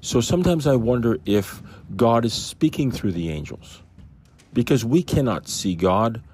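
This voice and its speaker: A man's voice: mid-range voice, lively intonation, unhurried, darkish tone, a little hiss or hum. A man giving a casual Bible commentary, musing and thinking aloud as he questions himself. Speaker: Bible study teacher.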